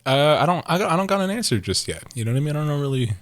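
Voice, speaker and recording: A young man co-hosting a casual podcast, rambling and excitable, swearing and laughing loudly. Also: fairly high pitch, rapid-fire, dry recording. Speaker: podcast co-host.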